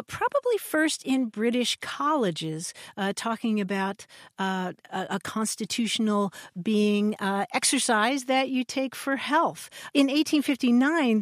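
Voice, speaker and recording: A woman's voice: medium pitch, no room sound, clean studio sound. A woman co-hosting a radio show, explaining word histories in a chatty way with little fillers.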